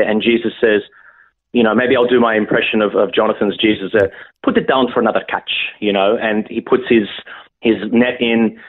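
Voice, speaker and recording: A young man speaking as a guest over the phone, hesitant and full of restarts. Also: medium pitch. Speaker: guest actor. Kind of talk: phone interview. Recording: tinny phone line.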